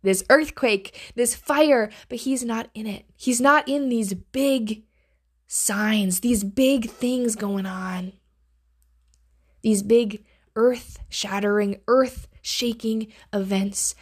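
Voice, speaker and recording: Woman doing a bible devotional podcast, earnest, goes soft and hushed on the big lines, voice on the higher side. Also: slow. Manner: earnest, drops to a hushed near-whisper on key phrases.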